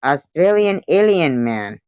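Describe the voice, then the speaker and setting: A woman's voice: deep voice, very animated, slow pace, clear, resonant tone, no room sound, muffled recording. A woman hosting a casual livestream who teases her viewers and reads their messages aloud. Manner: playful, teasing, answers chat messages aloud; tries out joke accents. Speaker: livestream host.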